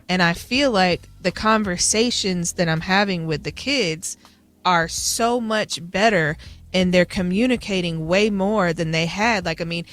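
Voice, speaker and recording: A woman, a parent, chatting casually on a radio show about cutting back her kids' screen time, in a quick and grateful way. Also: fairly low pitch, fairly bright tone. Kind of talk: casual chat.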